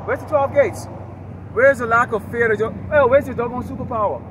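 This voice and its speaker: A man's voice: extremely high pitch, brisk. A man street preaching outdoors, combative and profane, firing rhetorical questions. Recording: heavy street traffic noise. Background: loud traffic noise.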